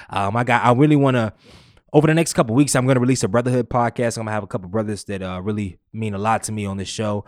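A man hosting his own podcast, opening the episode with an excited, emphatic monologue full of slang and repeated phrases. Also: mid-range voice, quick pace, no room sound, studio quality. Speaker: podcast host. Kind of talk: hyped solo podcast intro.

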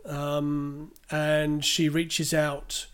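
Rambling man with a high voice. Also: completely flat delivery, drawn-out words, a bit bright, clean tone. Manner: rambling, hesitant with fillers and restarts. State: clearing his throat. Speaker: podcast co-host. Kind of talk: casual film discussion.

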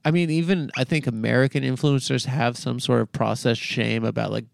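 A man co-hosting a comedy podcast, rambling through casual chat with constant restarts and fillers. His voice carries gravelly fry over a smooth, clean tone. The sound is dry and close. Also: medium pitch, steady tone, fairly quick, no room sound. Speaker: podcast co-host.

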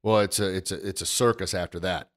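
A middle-aged man hosting a motivational podcast, standing at a studio microphone and talking with animated emotion, often laughing at himself. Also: deep voice, quick pace. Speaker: podcast host. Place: recording studio.

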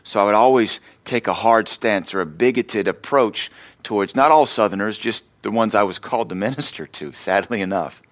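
A man's voice: on the low side, normal speed, dry recording. Man preaching a conversational sermon, dry sound. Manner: conversational preaching with self-deprecating stories. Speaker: pastor. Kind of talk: sermon teaching.

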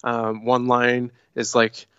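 A man talks loosely through a film plot in a casual podcast chat, often trailing off and restarting. His voice is bright and pointed, and it sits dry and close. The recording has a slightly dull, lo-fi edge. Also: medium pitch, monotone, takes it slowly, smooth, no echo. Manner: laid-back, rambling, with many fillers and restarts. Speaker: podcast co-host.

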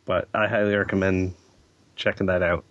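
A man's voice: sits low, level tone, normal speed, fairly bright tone, dry recording, highs cut off. Chatty male guest full of filler words. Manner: filler-heavy, chatty recommending with many "like"s. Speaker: podcast guest. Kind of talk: casual podcast chat.

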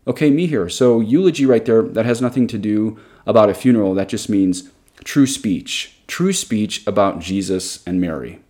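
Priest in his 30s, low and mellow, reads the catechism and then argues his points with emphasis. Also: moderate pace. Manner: emphatic, argumentative. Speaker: Catholic priest. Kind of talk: catechism reading with commentary.

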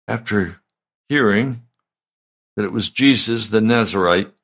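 A male pastor delivering a radio sermon, asking slow, emphatic questions. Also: fairly low pitch, fairly bright tone, husky.

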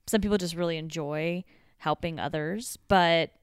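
A bubbly, enthusiastic woman co-hosting a podcast in an easy, chatty way. Her voice is smooth and clear. It is recorded close and dry. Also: low-pitched, no echo. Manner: bubbly and enthusiastic, quick to laugh. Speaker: podcast co-host. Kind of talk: casual podcast chat.

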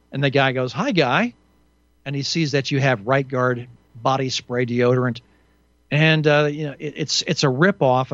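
A man's voice: mid-range voice, a bit bright, dry recording, lo-fi sound. A man hosting a talk radio show alone, rambling through indignant, sarcastic commentary with frequent restarts and fillers.

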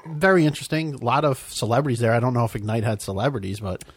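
A man's voice: mid-range voice, expressive, racing, slight background noise. Wry laid-back podcast host man. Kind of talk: casual chat.

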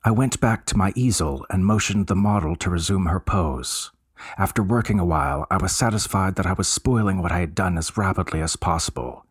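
A man reads a gothic tale aloud in a measured, unhurried way. His voice is very low and husky, close on the mic in a dry room. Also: no echo. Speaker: narrator. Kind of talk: scripted story narration.

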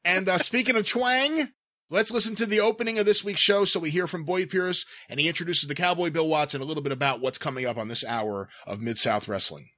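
A man's voice: fairly high pitch, brisk, dry recording. A man from the northeastern US co-hosting a podcast in casual, enthusiastic chat. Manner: enthusiastic, animated. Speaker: podcast co-host.

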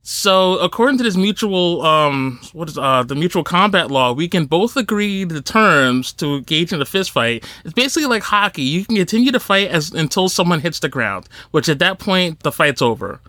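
A high, bright man's voice from New Jersey, swinging widely in pitch as he tells a podcast story. He acts out the people he quotes. The sound is dry and close. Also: lively intonation, moderate pace, few pauses, dry recording. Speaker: podcast host. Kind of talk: casual podcast chat.

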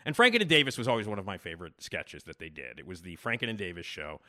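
A man's voice: low-pitched, very animated, fast talker, sharp tone. A male podcast host giving rambling casual commentary with lots of fillers.

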